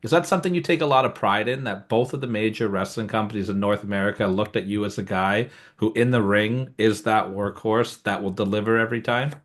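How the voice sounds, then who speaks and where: A man co-hosting a podcast, asking a guest measured, polite questions. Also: on the low side. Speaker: podcast co-host. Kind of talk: interview questions.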